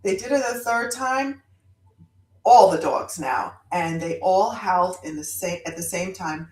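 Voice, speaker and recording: Animated woman telling a story. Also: fairly low pitch, normal speed, roomy sound, low-quality recording. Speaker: guest author. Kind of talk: casual podcast chat.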